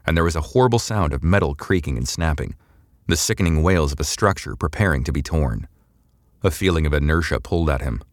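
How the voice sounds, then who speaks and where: Reading scripted sci-fi serial chapters, this male audiobook narrator keeps a calm, even pace. His voice is remarkably deep, captured in a close, dry recording free of any room sound.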